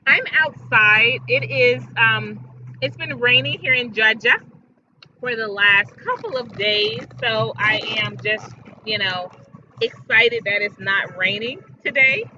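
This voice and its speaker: A woman's voice: fairly high pitch, slow, pushed and bright. A woman hosting a casual livestream from outdoors, chatty and emphatic, talking straight to her viewers. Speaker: livestream host. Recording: dull lo-fi outdoor audio with faint noise.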